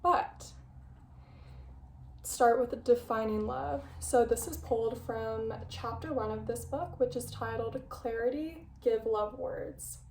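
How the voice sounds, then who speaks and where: A woman's voice: on the high side, slow, a little mellow, far from the mic, a little hiss or hum. A young woman talking casually in a video essay and reading passages aloud. She chats and interrupts herself with playful asides, and she sounds a little out of breath. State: slightly out of breath. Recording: echoey room, voice a bit off-mic.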